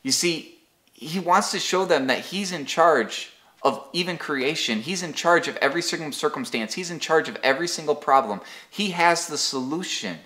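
A man's voice: on the high side, animated, normal speed, pushed and bright. A man leading an online Bible study in a conversational devotional style, often repeating a word as he restarts and telling everyday examples. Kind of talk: casual devotional teaching.

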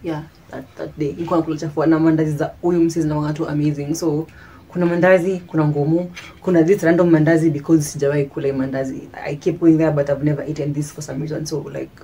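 A woman's voice: deep voice, level tone, quick pace, mellow, husky. A young woman with a Kenyan accent, chatting casually as a vlogger, laughing often and switching freely into Swahili slang. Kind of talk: casual chat.

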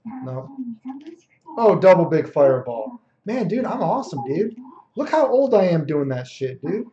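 A man commentates live on a fighting game in a brash, swaggering way, full of swearing and bragging. His voice sits a little high, and the cheap, dull mic picks up an echoey room. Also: sing-song, a little slow, dark tone. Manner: brash, profane, boastful. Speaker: streamer.

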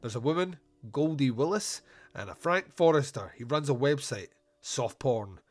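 A man playing a woman deputy who reports in a flat, pitched-up voice. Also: moderate pace, close to an everyday voice. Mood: matter-of-fact. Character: matter-of-fact woman deputy.

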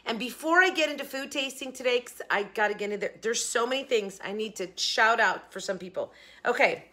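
A woman vlogging in a casual, chatty and rambling way, excitable as she talks to her viewers. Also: on the high side, fairly quick. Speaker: food and bargain vlogger. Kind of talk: casual vlog chat.

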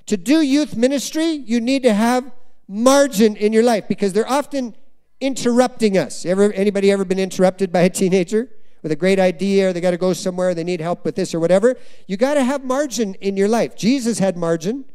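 Guest preacher, middle-aged man, mellow but high-pitched, storytelling sermon style. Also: a little fast, clean tone. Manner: animated, asks the congregation questions. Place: church before a congregation.

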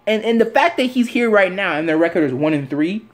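A fairly quick, high-sitting male voice belongs to a sports vlogger on an opinionated rant. Animated, he fires off rhetorical questions and leans on repeated phrases for emphasis.

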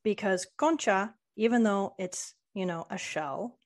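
A woman's voice: medium pitch, unhurried, a little mellow. A woman author chats as a podcast guest in a loose, easygoing way. She often hesitates with ums and uhs as she finds her words. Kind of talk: casual interview chat.

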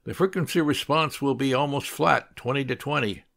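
A man's voice: medium pitch, moderate pace, gravelly, a bit bright, pitched above the performer's own voice. A man reading a matter-of-fact young tinkerer. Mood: plain.

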